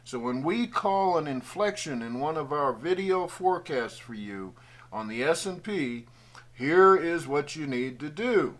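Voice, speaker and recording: A man's voice: a little high, lively intonation, a little slow, fairly bright tone. A man giving a folksy, patient trading tutorial over a screen recording, thinking aloud as he draws on charts. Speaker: trading educator.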